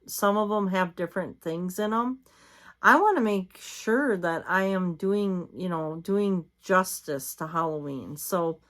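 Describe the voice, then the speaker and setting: A woman's voice: fairly low pitch, fairly bright tone. A woman vlogging at home late at night, tired and yawning, chatting casually in a rambling way with lots of fillers and reading bits of articles aloud. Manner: rambling, repeats herself, many fillers.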